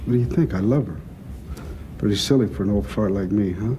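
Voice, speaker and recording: An actor playing an older crime boss with a gruff, gravelly, blunt and profane way of talking, in a film scene. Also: male voice, on the low side, fairly quick, background noise, close to an everyday voice. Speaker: crime boss planning a heist. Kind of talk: film dialogue.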